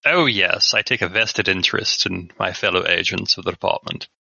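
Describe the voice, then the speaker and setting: A man with a low, gravelly, husky voice that still has a sharp edge, speaking in a dry, mock-formal manner as he plays a tabletop game. His voice comes through a dull, dry home mic. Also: normal speed, no room sound. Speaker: player. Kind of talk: playing a tabletop game in character.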